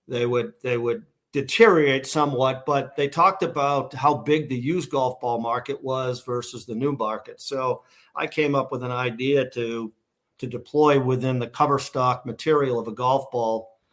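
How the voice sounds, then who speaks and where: A man's voice: mid-range voice, moderate pace, fairly bright tone. A middle-aged man from Massachusetts with a Boston accent, telling stories as a company founder in a casual interview, rambling with fillers and restarts. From Massachusetts, USA. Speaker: guest, shoe company founder.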